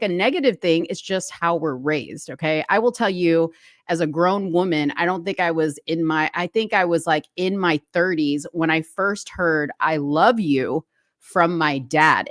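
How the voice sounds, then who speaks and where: Middle-aged woman, co-host, chatty, laughing, lowish voice, dry close sound. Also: no echo. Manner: animated, laughing, frequent "like" fillers. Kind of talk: casual political commentary chat.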